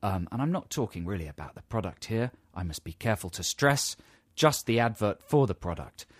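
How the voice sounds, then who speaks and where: A man's voice: lowish voice, sing-song, a little fast, no room sound. A British man co-hosting a radio show, bantering playfully and breaking into silly impressions. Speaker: radio co-host. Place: radio studio. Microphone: studio microphone.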